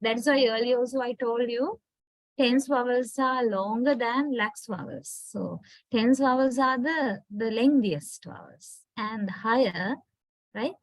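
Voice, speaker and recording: A woman's voice: on the high side, slow, no echo, low-quality recording. A middle-aged woman with a Sri Lankan English accent giving a university phonetics lecture, explaining step by step and often asking "right?".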